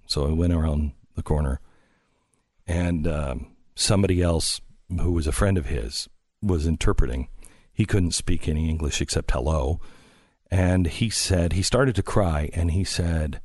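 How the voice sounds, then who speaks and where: A man hosting a talk radio show, telling stories earnestly and dropping to a hush at the serious parts. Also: low-pitched, measured pace, no echo, clean studio sound. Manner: earnest storytelling, lively swings from loud to hushed.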